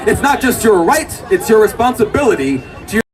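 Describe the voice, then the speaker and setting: A man giving an impassioned speech to a rally crowd, building up to shouts. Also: sits high, big pitch swings, brisk. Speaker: rally speaker. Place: outdoor city rally. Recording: distant livestream mic with crowd behind.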